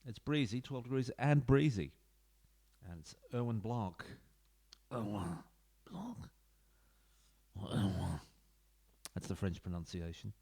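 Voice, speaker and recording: A man's voice: lowish voice, big pitch swings, measured pace, creaky, warm tone. Chatty man rambling over a football game. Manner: chatty, rambling, self-deprecating asides. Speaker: gaming YouTuber. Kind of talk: casual let's-play commentary. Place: home room. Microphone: desk mic into computer.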